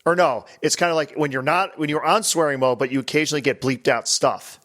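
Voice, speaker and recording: A man's voice: on the high side, quick pace. Chatty man hosting a podcast. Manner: animated, breaks into mock voices and laughs. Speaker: podcast host. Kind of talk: casual chat.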